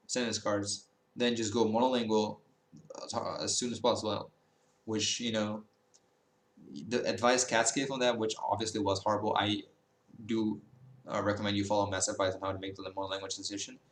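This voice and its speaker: A man's voice: lowish voice, echoey room. A young man giving blunt, rambling advice on learning a language in a casual vlog, full of fillers and restarts, swearing and laughing at times.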